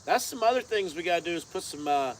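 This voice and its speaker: Folksy rambling man for a casual outdoor live chat, higher-set voice, faint insect noise. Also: animated, quick pace. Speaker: co-host of a car-build channel.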